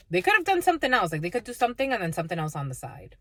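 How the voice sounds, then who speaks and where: A woman's voice: fairly low pitch, huge pitch swings, quick pace, fairly bright tone. A woman doing a casual, blunt and profane tarot reading, laughing often. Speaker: tarot reader.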